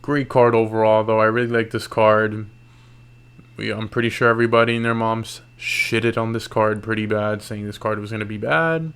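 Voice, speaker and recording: A man's voice: on the low side, level tone, moderate pace, a bit bright, clear, resonant tone. A tired man recapping MMA fights late at night in loose, slangy casual talk, yawning and restarting his sentences. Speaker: MMA YouTuber.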